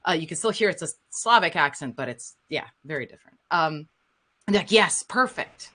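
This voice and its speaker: A woman with a Slovenian accent speaks on a panel in a bright, forceful voice set a little low. She talks frankly and with animated emphasis, pressing her points home. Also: fairly quick. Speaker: voice actor, panelist. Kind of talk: panel discussion.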